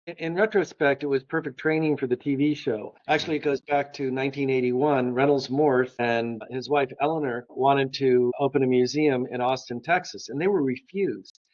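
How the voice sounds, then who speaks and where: An older man spins his stories with eager enthusiasm, slipping into the voices of the people in them. The sound is close and dry, a little dull and lo-fi, as though the highs were shaved off. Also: steady tone, normal speed, a little mellow, no room sound. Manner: enthusiastic anecdotes, acts out dialogue. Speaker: guest art historian. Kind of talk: storytelling interview.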